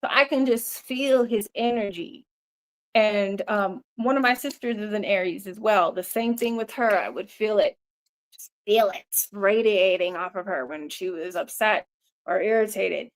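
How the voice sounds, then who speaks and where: In her casual live-stream chat, the host speaks unhurriedly in a medium pitch. She rambles loosely, swearing often, laughing, and leaning on "you know."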